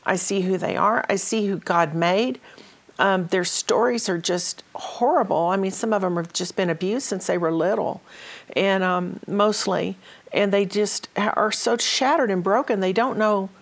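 A woman being interviewed on a podcast, talking earnestly and pausing often with ums. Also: medium pitch. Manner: earnest, hesitant with frequent ums. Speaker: interview guest, outreach minister.

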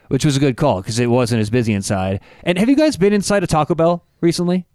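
A young man co-hosting a casual podcast, telling a story in a lively, animated way. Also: on the high side, fast, hardly any pauses, no echo, studio quality. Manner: animated storyteller, acts out quotes. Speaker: podcast co-host. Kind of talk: casual chat.

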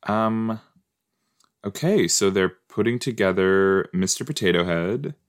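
Low-voiced, slow-talking man chatting. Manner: chatty, rambling, easily startled, playful asides. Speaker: podcast host reacting to an episode. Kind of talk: casual watch-along commentary.

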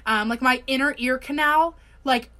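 A young woman with a bright, fairly high voice co-hosts a podcast. She talks in a chatty, wry way and fills her story with plenty of fillers. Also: normal speed. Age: 20s. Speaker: podcast co-host. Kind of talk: casual chat.

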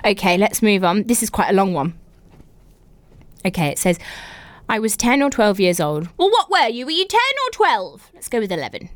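A woman's voice: mid-range voice, very animated, moderate pace, dry recording. Giggly young woman reading stories aloud. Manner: giggly, breaks into laughter, exaggerated reactions. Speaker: podcast host reading listener stories. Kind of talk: casual chat.

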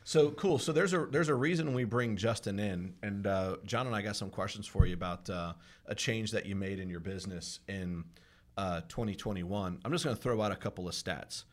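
A man with a fairly low voice hosts a casual podcast. He sounds upbeat and friendly, and he slows down to read out numbers one by one. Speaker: podcast host.

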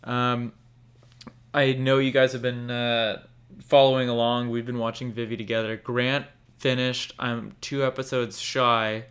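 On the podcast he co-hosts, a young man chats casually about anime, rambling candidly, circling back to his points, and swearing now and then. His mid-range voice is clear, resonant, and fairly bright, with little pitch movement and an unhurried pace.

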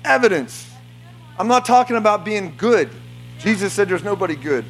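A man preaching a charismatic sermon to a congregation in a church, fervent, breaking into shouts and laughter. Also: high-pitched, lively intonation, moderate pace, soft background music. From United States. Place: church meeting before a congregation.

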